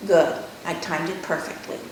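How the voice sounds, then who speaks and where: A woman author reading her novel aloud in measured first-person narration. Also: gravelly, recorded from a distance. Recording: echoey room, faint rumble.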